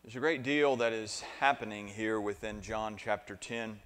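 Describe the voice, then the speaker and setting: A man preaching a sermon as pastor, deliberate at first and building to emphatic points, asking the congregation to repeat after him and answer his questions. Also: lowish voice, a bit bright, clean tone. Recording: long reverb of a large hall.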